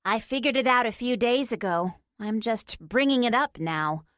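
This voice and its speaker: A bubbly, outspoken young pixie girl, as a woman reading an audiobook puts her on, her voice sitting a touch high and recorded dry and close. She talks with blunt, playful cheer. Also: expressive, moderate pace, fairly bright tone, dry recording. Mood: matter-of-fact. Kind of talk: audiobook character voice.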